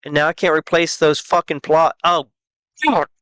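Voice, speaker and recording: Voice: mid-range voice, steady tone, moderate pace, fairly bright tone, clear, resonant tone, dry recording. A gaming streamer giving casual commentary while playing, frustrated, swearing and muttering at the game.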